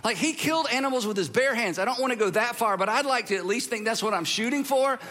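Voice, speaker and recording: A man's voice: very high-pitched, quick pace, long reverb tail, slight background noise. A male pastor giving a humorous sermon, telling stories with playful drama. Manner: animated, playful dramatic storytelling.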